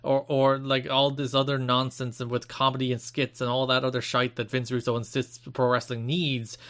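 A man's voice: mid-range voice, flat delivery, normal speed, a bit bright. Man explaining wrestling at length. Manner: long analytical explanations, mild swearing. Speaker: podcast co-host. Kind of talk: casual podcast chat.

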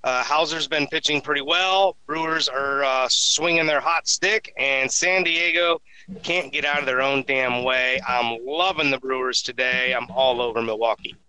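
A man co-hosting a sports betting podcast, giving his picks in relaxed casual chat. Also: mid-range voice, moderate pace, clean tone, low-quality recording.

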